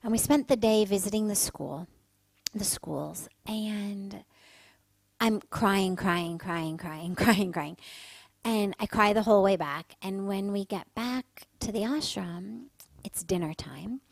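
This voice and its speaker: A woman hosting a spiritual radio show, telling a story in an earnest and emotional way. Her voice sits at a middle pitch. It is recorded dry and close, with almost no room sound. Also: takes it slowly, vocal fry, no echo, rough recording.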